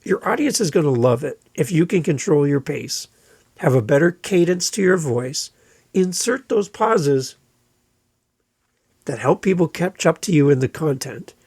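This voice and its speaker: A man hosting a solo podcast, giving energetic, playful advice and sometimes mimicking listeners in silly voices. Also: on the high side, unhurried, breathy edge, no room sound, studio quality. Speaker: podcast host.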